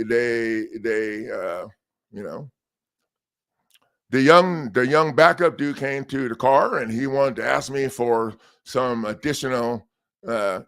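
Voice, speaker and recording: A man's voice: medium pitch, vocal fry. A man hosting a livestream, casually telling a story and acting out the people he quotes. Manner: animated, laughing storyteller who acts out quotes. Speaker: livestream host.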